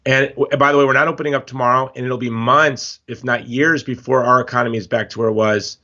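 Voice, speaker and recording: A man from Hawaii, a guest in a casual interview, talking in an emphatic, animated storytelling way. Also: medium pitch, fast talker. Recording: slightly dull lo-fi audio.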